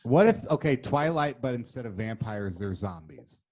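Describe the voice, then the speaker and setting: A man's voice: mid-range voice, animated, moderate pace, a little mellow. A man co-hosting a podcast, chatting casually with enthusiasm, swearing and laughing. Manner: enthusiastic, profane, laughs often. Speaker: podcast co-host. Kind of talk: casual chat.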